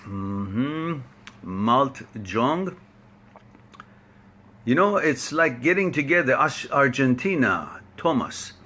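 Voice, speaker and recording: Slow, bright-voiced chatty man. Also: mid-range voice, sing-song, slight background noise. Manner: chatty, laughs often, rambling. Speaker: host of a live online talk. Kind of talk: casual chat greeting viewers by name.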